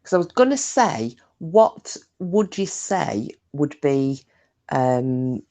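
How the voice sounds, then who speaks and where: A woman's voice: low-pitched, sing-song, slow pace, dark tone. A woman chatting casually with her live stream viewers, talkative and self-mocking, swearing freely.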